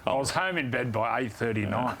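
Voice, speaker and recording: A man with an Australian accent, co-hosting a rugby league show and telling animated stories with laughter. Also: mid-range voice, brisk, slight background noise. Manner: laughs through animated anecdotes. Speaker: co-host. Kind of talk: casual storytelling.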